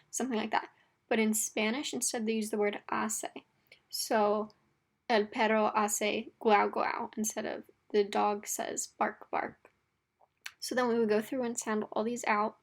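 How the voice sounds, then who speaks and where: A young woman with a slightly high voice talks through her lesson plan. She is chatty and informal, with plenty of fillers as she explains. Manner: chatty, with frequent "um" and "I'd be like". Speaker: Spanish teacher presenting a lesson plan.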